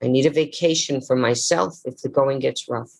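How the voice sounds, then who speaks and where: A woman's voice: extremely low pitch, normal speed, creaky. An older woman, an actress, telling dramatic stories as a guest at a live interview event. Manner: theatrical, dramatic storyteller. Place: live event before an audience.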